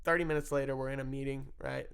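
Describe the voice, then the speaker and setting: A man's voice: medium pitch, level tone, quick pace, vocal fry, a bit bright, clean tone. A man telling a story about his own life in a casual, rambling way, swearing freely and laughing often between phrases. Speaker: storyteller recounting his addiction. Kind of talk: casual first-person storytelling.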